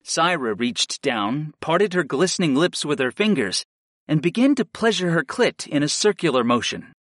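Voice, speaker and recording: A man reading a first-person story aloud in a steady, measured narration style. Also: on the high side, no room sound, studio quality. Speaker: audiobook narrator.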